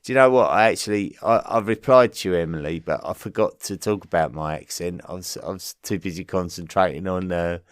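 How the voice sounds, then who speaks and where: Low-voiced Essex man, hesitant chat. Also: fairly quick, few pauses, clear, resonant tone, dry recording, studio quality. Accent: Essex English. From Essex, southeast England. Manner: hesitant, many ums and restarts. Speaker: podcast host. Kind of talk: casual listener-mail chat.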